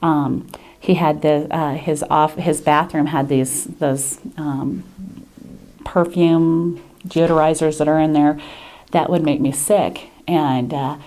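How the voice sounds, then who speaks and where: A woman speaking as a patient in an unscripted testimonial, hesitant and earnest, pausing often with fillers and restarting her sentences. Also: low-pitched, fairly even intonation, warm tone. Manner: earnest and grateful.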